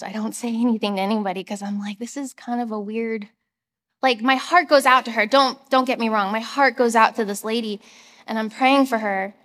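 A woman's voice: on the high side, fairly bright tone, big-room sound. A young woman giving a church message, telling a personal story in a chatty way and laughing at herself. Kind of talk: personal testimony sermon.

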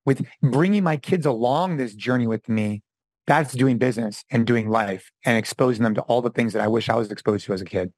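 Brief: man, 40s, lively storyteller guest, mid pitch, dry close mic. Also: a little fast, no echo, poor audio. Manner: animated storytelling, acts out quotes. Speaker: podcast guest, former fitness champion and gym owner. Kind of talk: casual interview talk.

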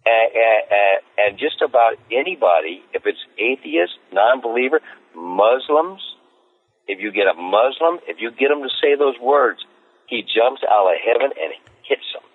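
A man telling stories as an interview guest, rambling and repeating himself as he gets excited. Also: mid-range voice, normal speed. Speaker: street evangelist guest. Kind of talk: casual interview storytelling. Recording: tinny phone line.

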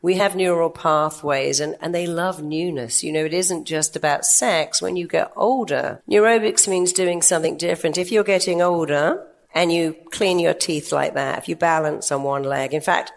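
An older woman therapist giving a lively talk to an audience, telling stories about her clients. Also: low voice, normal speed, creaky. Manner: lively storytelling with quoted clients. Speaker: therapist and speaker.

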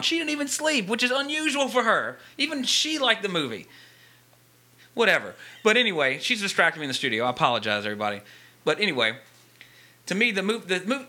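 A man's voice: on the high side, very animated, quick pace, pushed and bright. A man co-hosting a podcast in casual chat, firing off teasing questions and chuckling. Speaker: podcast co-host.

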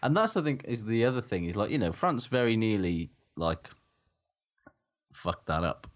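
A man's voice: on the low side, very animated, moderate pace, dull audio. A man giving blunt, emphatic rugby analysis in casual, sweary podcast chat. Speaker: rugby pundit.

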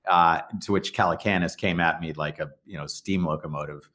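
The guest is a middle-aged startup founder and CEO who tells stories in a loose, rambling manner, restarting and dramatizing quoted lines. His low voice is pushed and bright, with a steady tone and a slightly fast pace.

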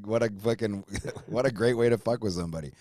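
A man's voice: lowish voice, quick pace, dark tone. A man hosting a casual interview, reacting and laughing along with his guest. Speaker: podcast host.

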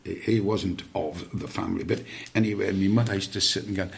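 A man's voice: low-pitched, fairly even intonation, brisk, creaky. An older man telling long, rambling family stories as a podcast guest, full of fillers and restarts. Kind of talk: anecdotal storytelling.

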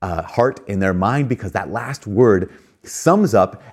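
A man's voice: lowish voice, expressive, measured pace. A man giving a reflective spoken talk, earnest and conversational, with frequent fillers and emphatic rises.

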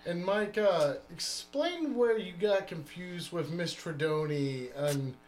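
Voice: mid-range voice, darkish tone, faint music behind. A podcast guest talking casually and bluntly about a movie, with some swearing. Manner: blunt, profane, measured delivery. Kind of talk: casual chat.

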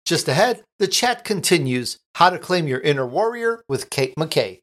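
Man hosting a radio show, fairly high voice. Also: very animated, moderate pace, fairly bright tone. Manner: smooth scripted announcing. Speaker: show host.

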